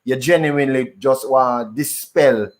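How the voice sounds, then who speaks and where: A man, hosting a casual conversation in a relaxed, agreeable way, speaking in patois. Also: medium pitch, moderate pace. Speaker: host.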